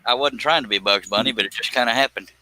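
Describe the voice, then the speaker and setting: A man with a medium-pitched, bright, forceful voice talks quickly while hosting a woodworking live stream, chatting casually as he scroll saws. He jokes, rambles off topic, and slips into put-on voices, all captured in a low-quality recording.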